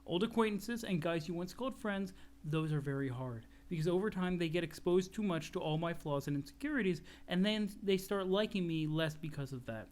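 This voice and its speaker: A man voicing a timid young male troll who talks softly and haltingly. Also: high-pitched, close to an everyday voice. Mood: glum.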